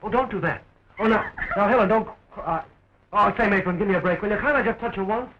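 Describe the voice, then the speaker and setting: A man playing a wisecracking, fast-talking young guy. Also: high voice, close to an everyday voice. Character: wisecracking young man fighting for his sweetheart. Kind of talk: early talkie film acting. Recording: dull scratchy 1920s film sound.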